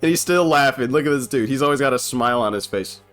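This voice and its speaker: Brief: young male commentator, mid pitch, excitable and profane, chatty film reaction. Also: fast, faint music behind. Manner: excited, slangy, swears a lot, laughs often.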